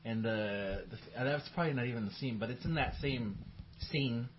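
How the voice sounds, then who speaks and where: A man's voice: medium pitch, moderate pace, a little hiss or hum. A man co-hosting a podcast, retelling a film scene in rambling casual chat and laughing mid-sentence. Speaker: podcast co-host. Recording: dull lo-fi sound.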